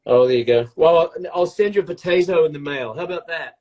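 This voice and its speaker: A man's voice: a little high, quick pace, darkish tone. A middle-aged man chatting casually and joking on a live stream as he bakes along. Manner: playful, rambling, jokes and teases. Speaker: co-host baking along.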